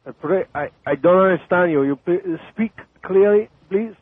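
A man on a phone call who talks haltingly and then curses furiously at the caller. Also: high-pitched, no room sound. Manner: hesitant then cursing furiously. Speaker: prank call target. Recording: tinny phone line.

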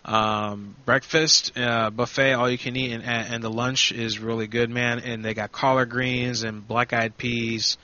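A man's voice: mid-range voice, level tone, a little slow, few pauses, bright, forceful tone, no room sound. A man hosting a casual prank-call radio show, rambling with laughs and crude banter. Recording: dull lo-fi sound with music behind.

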